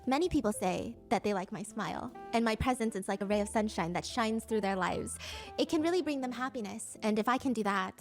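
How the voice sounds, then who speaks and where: Girl doing a sugary humble-bragging rich wife, kinda high voice, fake modest. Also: brisk, faint music behind, close to an everyday voice. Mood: smug.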